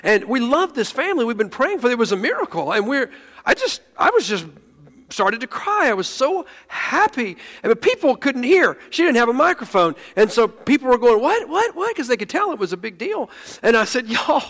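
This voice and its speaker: Male pastor, high voice, animated storytelling sermon, long hall echo. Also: brisk. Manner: animated, laughing storyteller with stumbling restarts.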